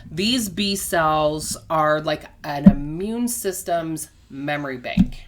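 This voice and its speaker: A woman's voice: sits low, slow, heavy background noise. A woman teaching a casual health lesson. She explains patiently with everyday comparisons and often checks in with "okay?". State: has the hiccups. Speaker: health educator.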